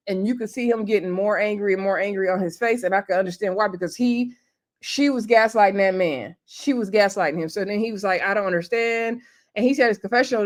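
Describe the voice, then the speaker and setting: A woman casually recapping a reality show episode, chatty and opinionated, retelling each scene in quoted dialogue. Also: medium pitch.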